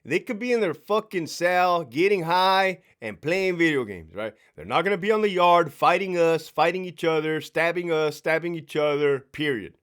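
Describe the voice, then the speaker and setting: A man's voice: a little high, expressive, moderate pace, few pauses, fairly bright tone. A man, a former prison sergeant, ranting bluntly and profanely in a casual vlog, often repeating and restarting words.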